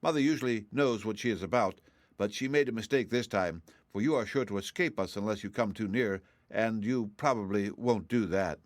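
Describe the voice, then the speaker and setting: A man's voice: lowish voice, brisk, no room sound, lightly acted. A man doing a haughty drawling dragonette. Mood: matter-of-fact. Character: proud, polite young dragon, drawling.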